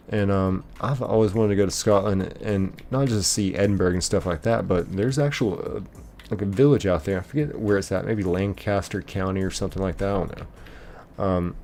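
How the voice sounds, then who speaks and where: Gravelly American man chatting on stream. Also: low-pitched, darkish tone, a little hiss or hum. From United States. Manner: rambling, with many fillers and restarts. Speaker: livestream host. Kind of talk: casual chat reading live comments.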